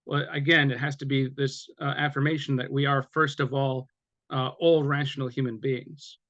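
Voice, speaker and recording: A man's voice: medium pitch, little pitch movement, normal speed, a bit bright, no echo, muffled recording. A man discussing his book in an academic conversation, thoughtful and hesitant with many fillers and restarts.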